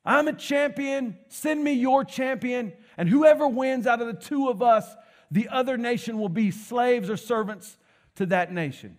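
A preacher voicing a giant male warrior champion who shouts a taunting challenge across a valley. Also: very high-pitched, unhurried, pitched above the performer's own voice.

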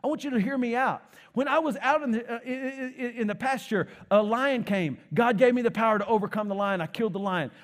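A man's voice: very high-pitched, fairly quick, few pauses, pitched above the performer's own voice. A man preaching speaks as a bold young shepherd, earnest and pleading.

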